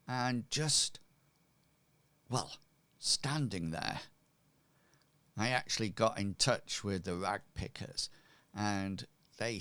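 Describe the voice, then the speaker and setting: A man's voice: on the low side, fairly bright tone, clear, resonant tone, dry recording. A man voicing a nervous, flustered male blacksmith who stammers and speaks with fussy politeness. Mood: hushed.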